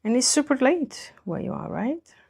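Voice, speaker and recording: Woman chatting w her stream viewers while she paints, lots of vocal fry, laughs a lot. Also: high voice, very animated, moderate pace, darkish tone. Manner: chatty, laughs often, greets and answers chat. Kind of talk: casual livestream chat with viewers.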